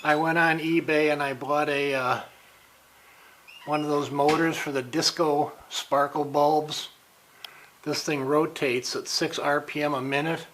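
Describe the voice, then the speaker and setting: A man's voice: a little high, a little hiss or hum, poor audio. Older man, winded, workshop talk. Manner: relaxed, halting with frequent fillers. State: a little out of breath. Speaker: workshop vlogger. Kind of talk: casual workshop show-and-tell. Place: home workshop.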